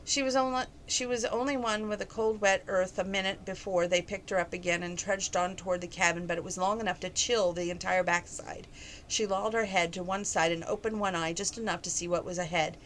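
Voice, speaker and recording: A woman's voice: fairly low pitch, fairly even intonation, a little fast, a bit bright, a little hiss or hum, low-quality recording. Woman reading a novel aloud, stumbling. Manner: plain reading with frequent stumbles and self-corrections. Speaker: reader of a novel.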